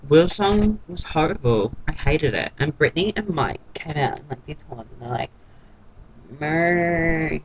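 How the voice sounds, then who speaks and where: A man's voice: a little high, big pitch swings, normal speed, few pauses, lo-fi sound, a little hiss or hum. Catty man gossiping. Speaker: TV episode reviewer. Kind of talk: casual vlog recap.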